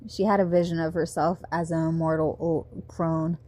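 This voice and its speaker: A woman reading a novel aloud as an amateur audiobook narrator, recorded on a phone, with steady, even storytelling. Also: low voice, moderate pace, hardly any pauses.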